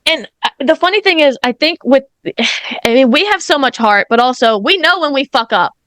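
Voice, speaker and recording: A loud, emotional woman chats on a podcast, cursing freely. Her voice sits on the higher side and sounds close and dry, with no room around it. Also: animated, brisk, no room sound. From Philadelphia. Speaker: podcast guest. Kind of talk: casual chat.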